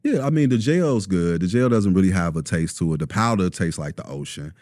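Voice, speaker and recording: A man's voice: low-pitched, a little fast, no echo. A man, guest on an interview show, talking casually with many ums and acting out quoted lines. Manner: relaxed storyteller, many ums, acts out quotes. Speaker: store owner, guest.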